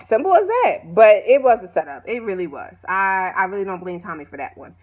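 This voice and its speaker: A woman vlogger casually recapping a reality show, animated, opinionated and full of slang. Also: medium pitch, a little fast, soft background music.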